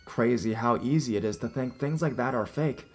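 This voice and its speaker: A man narrating a scripted horror story in a measured storytelling delivery. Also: medium pitch, darkish tone, soft background music.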